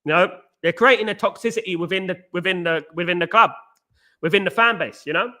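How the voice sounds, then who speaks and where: A man hosting a live chat show, talking fast and excitedly, often restarting sentences and answering viewers. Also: sits high. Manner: talks fast and excitedly, many restarts, says mate. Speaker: show host reading viewer comments.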